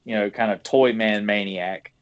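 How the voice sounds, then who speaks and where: A man's voice: on the low side, fairly even intonation, normal speed, lo-fi sound, over a noisy crowd. A man from the Southern US with a Southern accent, co-hosting a casual podcast in a rambling, profane way. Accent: Southern American. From Southern United States. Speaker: podcast co-host.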